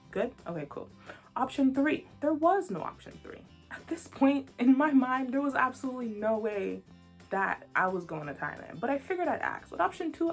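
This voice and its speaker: Animated young woman telling a story, husky voice. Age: 20s. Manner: animated and joking, with big pitch jumps. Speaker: vlogger. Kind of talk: casual storytelling to camera.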